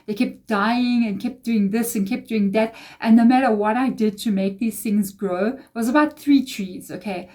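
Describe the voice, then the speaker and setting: A woman's voice: on the high side, moderate pace, hardly any pauses, a little mellow. A woman giving a casual tarot reading, rambling and confiding with emotional asides. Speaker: tarot reader.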